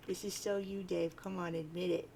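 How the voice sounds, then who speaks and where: A woman reading as a teasing blind troll girl, cocky, gravelly edge, read straight from a chat log. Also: on the low side, little pitch movement, moderate pace, dark tone, slight background noise. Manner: reading chat lines aloud in a near-plain voice.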